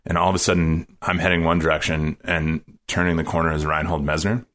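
A man's voice: rumbling low, little pitch movement, fairly quick, fairly bright tone. A man, a podcast guest, telling a story casually, rambling with lots of filler words.

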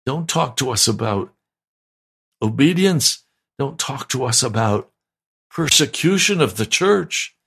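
A man's voice: mid-range voice, animated, a little slow, fairly bright tone, husky. A man preaching a sermon as pastor, fervent and emphatic, repeating his pleas. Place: broadcast sermon.

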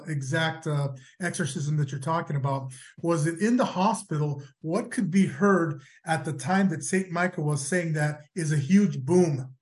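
A man co-hosting a talk show, speaking earnestly and reflectively, often pausing on fillers. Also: high-pitched. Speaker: co-host. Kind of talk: casual radio talk.

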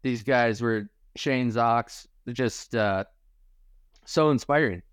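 A man's voice: mid-range voice, slow pace, smooth, dry recording, studio quality. A man in his forties from Michigan, a podcast guest telling stories in a laid-back way, swearing casually and saying dude and bro. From Michigan, USA. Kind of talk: casual storytelling chat.

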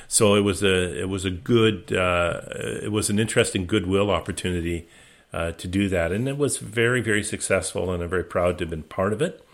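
A man, guest of an interview, telling his voyage stories in a relaxed, anecdotal way with many restarts. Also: low-pitched. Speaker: interview guest, expedition skipper. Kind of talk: relaxed storytelling.

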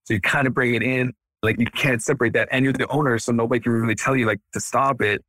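A man in his thirties, a dentist and practice owner, chatting as a guest on a podcast in an energetic, animated way. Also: medium pitch, quick pace, no room sound. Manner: energetic, animated, acts out quotes. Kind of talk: casual podcast interview.

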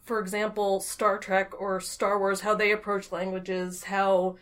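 Podcast host: woman, mid pitch, chatty and easygoing. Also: level tone, a little slow, a bit bright. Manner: chatty, laughs easily. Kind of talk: podcast interview.

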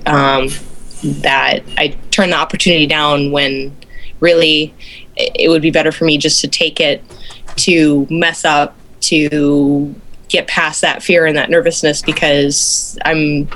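A woman's voice: low-pitched, a bit bright, a little hiss or hum. A woman who dances, a guest in a casual group discussion, speaking hesitantly with many ums.

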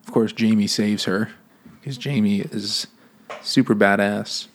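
A man's voice: on the low side, fairly even intonation, unhurried, a little hiss or hum. A man co-hosting a podcast, riffing crudely on a book in casual banter and laughing as he talks. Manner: crude, joking, laughs often while talking. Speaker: podcast co-host.

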